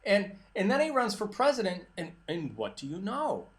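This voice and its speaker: A man's voice: high-pitched, huge pitch swings, normal speed. A man hosting his own political commentary show, talking solo in a sarcastic, mocking tone.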